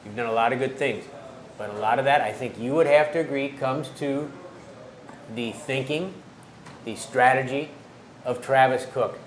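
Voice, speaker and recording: A man interviewing wrestlers for a wrestling TV show, asking measured questions. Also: mid-range voice, a little hiss or hum. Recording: echoey room.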